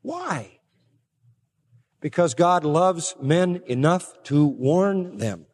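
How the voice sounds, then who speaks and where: Male preacher, high-pitched, emphatic sermon delivery, long hall reverb. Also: big pitch swings, darkish tone. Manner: emphatic, swings between raised stresses and low, slow drops.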